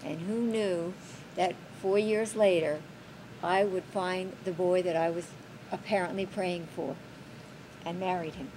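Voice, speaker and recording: An older woman in her seventies tells a personal story at a measured, steady pace. Her voice sits on the lower side for a woman. Clear background noise runs under the recording. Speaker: veteran's wife.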